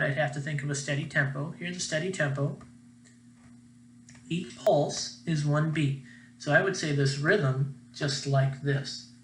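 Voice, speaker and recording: A man's voice: a little high, a bit bright, roomy sound, a little hiss or hum, rough recording. A young man, a music teacher, giving a patient, encouraging recorded class lesson.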